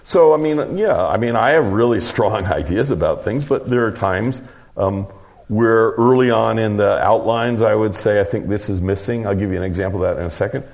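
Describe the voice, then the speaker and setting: A man's voice: on the low side, darkish tone. A middle-aged man, a producer and director, telling a rambling anecdote in an interview, full of fillers and restarts. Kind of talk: interview storytelling.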